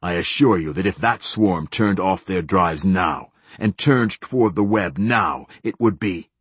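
Man voicing a flat, deadpan fleet admiral. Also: sits low, measured pace, husky, dry recording. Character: cold, clipped middle-aged male fleet admiral.

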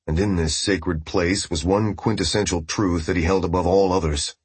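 A man narrating an audiobook with steady, grave storytelling. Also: low voice, moderate pace, slightly rough, no echo. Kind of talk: scripted narration.

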